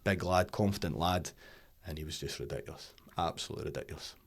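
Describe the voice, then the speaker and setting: A Scottish man in his forties, a former footballer guest on a podcast, telling lively stories, swearing freely and laughing often. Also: low-pitched, quick pace, creaky. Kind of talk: casual podcast interview.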